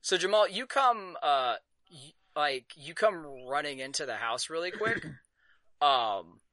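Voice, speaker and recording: A man narrating as game master of a tabletop game, halting with many fillers and quick to laugh. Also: on the high side, big pitch swings, bright, forceful tone, dry recording.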